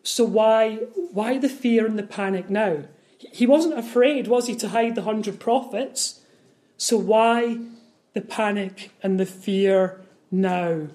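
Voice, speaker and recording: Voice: medium pitch, slow, darkish tone. A preacher giving a sermon on a Bible passage, earnest and prone to repeating words and asking the congregation rhetorical questions.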